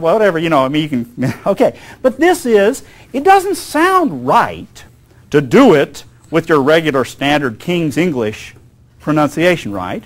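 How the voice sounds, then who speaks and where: A man's voice: fairly high pitch, big pitch swings, a little slow. A man giving a music lecture to an audience, rambling and often checking in with the listeners. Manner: rambling, keeps checking in with "okay?" and "you know".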